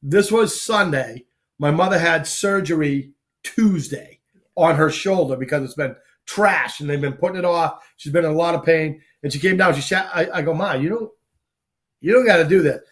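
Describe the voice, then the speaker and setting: A man's voice: a little high, normal speed. A man from Boston hosting a casual talk show, telling stories with a lot of slang and acting out the dialogue. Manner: animated, acts out quoted dialogue, salty slang. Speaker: show host. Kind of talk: casual storytelling chat.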